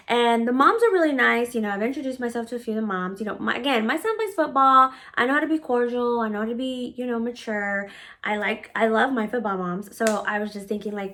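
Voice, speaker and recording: A woman in her thirties telling a personal story to camera in a blunt, profane, animated way, acting out what people said. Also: a little high, a little fast. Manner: blunt and profane, animated, acts out quoted lines. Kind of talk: casual storytime monologue.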